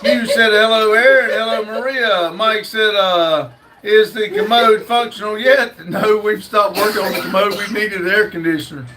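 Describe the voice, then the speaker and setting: A man's voice: high voice, steady tone, moderate pace, noisy background. A man hosting a casual livestream, reading viewer comments aloud with lots of fillers. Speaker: livestream host reading chat.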